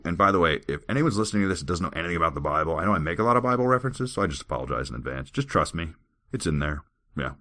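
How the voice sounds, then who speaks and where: A man's voice: sits low, lively intonation, rapid-fire, bright, forceful tone. A podcast host, a man, reading scripture aloud and breaking off into wry joking asides in casual chat.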